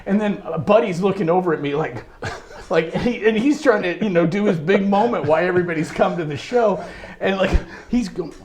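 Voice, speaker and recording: A man being interviewed, telling a long anecdote about his music career in a lively way, laughing often. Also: high voice, brisk. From United States. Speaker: interview guest, trombonist. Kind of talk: storytelling in casual interview.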